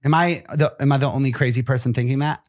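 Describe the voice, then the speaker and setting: A man co-hosting a podcast in casual chat, relaxed and laughing, reading news notes aloud. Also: mid-range voice, fast. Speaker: podcast co-host.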